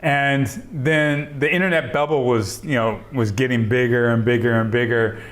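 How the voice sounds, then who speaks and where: A man's voice: medium pitch, moderate pace. A middle-aged man telling stories in an oral history interview over a video call, acting out the dialogue and laughing often. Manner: animated storyteller, acts out quoted dialogue, laughs often. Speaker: interviewee, software entrepreneur.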